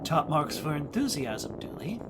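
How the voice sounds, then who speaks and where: A man's voice: on the high side, big pitch swings, unhurried, heavy background noise. A man voicing a wry, sarcastic male detective while reading game dialogue aloud. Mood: sardonic.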